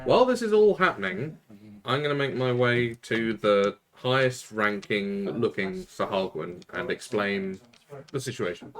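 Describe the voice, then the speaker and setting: A man's voice: lowish voice, expressive, unhurried, a bit bright. A man playing in a tabletop game, chatty and playful, easily slipping into silly voices. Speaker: player. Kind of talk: tabletop role-play chat.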